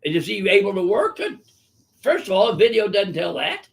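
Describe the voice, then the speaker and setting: An older physician hosts a live webinar and answers viewer questions, telling stories bluntly, emphatically and with strong opinions. His high-pitched, gravelly voice has a sing-song lilt at normal speed, captured on a live webinar microphone.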